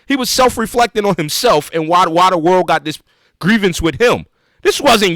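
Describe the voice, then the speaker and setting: Man, aave, high pitch, emphatic casual co-host, dry sound. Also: very animated, pushed and bright, dry recording. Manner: quick, emphatic, reacts with short agreements. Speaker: podcast co-host. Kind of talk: casual chat.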